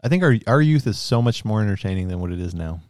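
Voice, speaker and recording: A man's voice: fairly low pitch, expressive, fast talker, a little mellow, dry recording, clean studio sound. A young man co-hosting a casual live stream chat, swearing freely and laughing often. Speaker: stream co-host.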